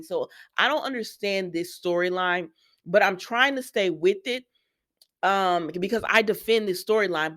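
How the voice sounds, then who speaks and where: Chatty woman recapping soaps. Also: mid-range voice. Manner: chatty and opinionated, addresses viewers directly. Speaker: soap opera recap host. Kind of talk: casual recap chat to viewers.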